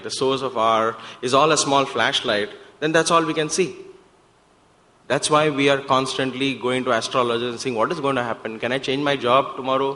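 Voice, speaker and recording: Male speaker, storytelling talk with acted-out quotes, mid pitch, reverberant hall sound. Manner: animated, acts out quoted voices, restarts often. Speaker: speaker at a spiritual center. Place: devotional center hall.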